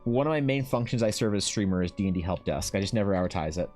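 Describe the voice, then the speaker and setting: A man's voice: lowish voice, expressive, fast talker, a little mellow, faint music behind. A young Canadian man chatting casually on a live stream, joking and swearing as he reads out and answers chat questions. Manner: profane, joking, reading chat aloud. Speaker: streamer and artist.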